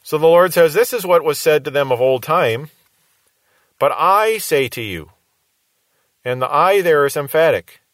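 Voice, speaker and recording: An earnest man teaching scripture on his radio program, his voice pitched a little high. He argues through rhetorical questions addressed to his listeners. The sound is dry and close, with no room echo. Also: fairly quick, few pauses.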